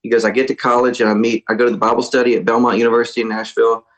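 Man, musician guest, animated storyteller, mid-pitched voice. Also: very fast, poor audio. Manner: animated storyteller, mimics others in a raised voice. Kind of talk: casual storytelling interview.

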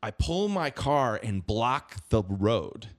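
A middle-aged man, a singer guest on a podcast, telling a story in a lively, jokey way. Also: mid-range voice, slow. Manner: lively, jokey, acts out quoted voices. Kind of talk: casual podcast chat, animated storytelling.

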